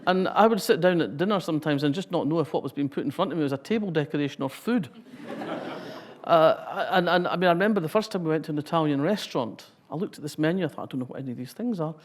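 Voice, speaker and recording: A woman's voice: deep voice, fast talker, a little hiss or hum. A Scottish woman in her sixties giving a public talk, reading a passage and then telling wry, humorous anecdotes.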